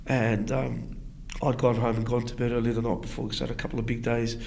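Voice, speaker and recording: An Australian man tells a funny story as a podcast guest, lively and laughing at his own punchlines. His voice sits in a middle pitch, with a faint noise in the background. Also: fast, creaky. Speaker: guest, general manager. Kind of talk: casual interview chat.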